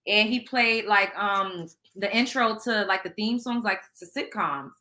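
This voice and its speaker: Woman host chatting to viewers and pulling cards, loud and cussing, bright sharp voice. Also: medium pitch, a little slow. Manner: loud, animated and profane, talks straight to viewers. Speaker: show host. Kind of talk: casual chat and tarot card reading.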